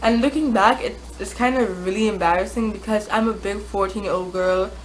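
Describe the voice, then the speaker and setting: A woman's voice: medium pitch, brisk, slight background noise, rough recording. A woman vlogger telling a casual storytime, chatty, with many fillers and restarts.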